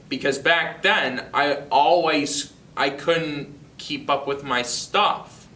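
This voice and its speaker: A seventeen-year-old young man from North Carolina tells a personal story, halting and amused, with frequent restarts. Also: on the high side, sharp tone, reverberant, far from the mic. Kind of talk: personal anecdote told to camera.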